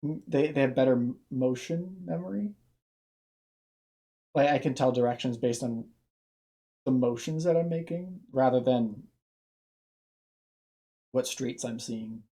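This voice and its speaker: A man's voice: mid-range voice, measured pace, pauses often, warm tone. A young man giving casual reaction commentary, rambling off on tangents and restarting his sentences.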